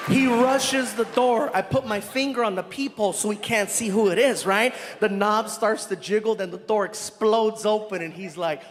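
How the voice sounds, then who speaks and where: A man telling a story on stage as a stand-up comedian, animated and acting out the people in it. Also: high-pitched, moderate pace, few pauses, slight background noise. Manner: animated, acts out characters. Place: large live venue. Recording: live stage in a hall with crowd.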